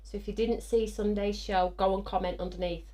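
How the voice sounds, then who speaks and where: A woman hosting a live craft show, chatting excitedly, whooping and reading out viewer comments. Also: medium pitch, brisk. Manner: bubbly and excitable, whooping and laughing.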